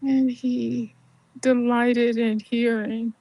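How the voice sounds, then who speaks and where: An older woman tells a personal story on her podcast, taking her time over every phrase. Her fairly high voice has a gravelly edge and often sinks to a soft near-whisper. The sound is close and dry, with no room around it. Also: level tone, very slow, no echo. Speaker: podcast host.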